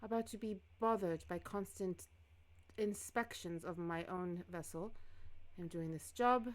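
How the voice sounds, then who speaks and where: A woman's voice: on the low side, measured pace, lightly acted. A woman voicing a curt, formal female ship captain who answers defensively. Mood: stiff.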